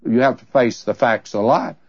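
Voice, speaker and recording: A man's voice: medium pitch, moderate pace, breathy edge, no echo. A man teaching from the Bible in a conversational sermon, telling stories in a folksy way and asking rhetorical questions. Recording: dull, dry lo-fi recording.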